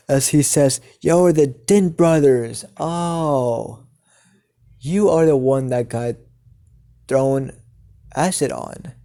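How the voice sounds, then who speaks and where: A man's voice: mid-range voice, creaky, warm tone. A man voicing a smug, taunting male villain who drawls and says y'all.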